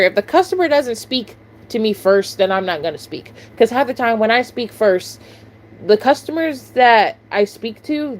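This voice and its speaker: A young woman vlogger, telling a storytime in casual, profane, exasperated chat. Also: on the high side.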